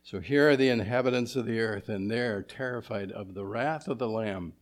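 A man preaching an expository sermon as pastor, asking his congregation rhetorical questions and moving between emphatic and hushed delivery. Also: fairly low pitch, moderate pace.

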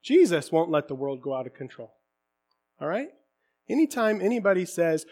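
A man preaching a sermon to his congregation, swinging from quiet, candid talk to impassioned shouting. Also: high-pitched, sing-song, moderate pace. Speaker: pastor.

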